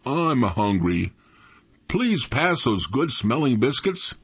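A man's voice: on the high side, sing-song, takes it slowly, fairly bright tone, husky, voice pushed up, full character voice. An old man voicing a drowsy young farm boy who complains about being woken early. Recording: dull lo-fi recording.

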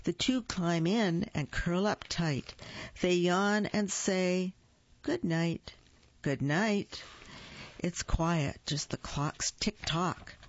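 A woman reading picture books aloud to children, slow and gentle, asking her listeners questions. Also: fairly low pitch, no echo. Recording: dull lo-fi dry recording.

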